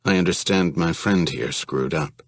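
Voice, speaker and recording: A man voicing a calm, unflappable man who speaks in a level, measured way. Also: deep voice, dry recording, studio quality. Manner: level, measured, matter-of-fact.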